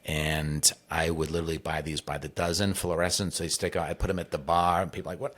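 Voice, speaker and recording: A man's voice: extremely low pitch, flat delivery, fast, fairly bright tone. A middle-aged man chatting in a casual interview conversation, with playful asides. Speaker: podcast conversation partner.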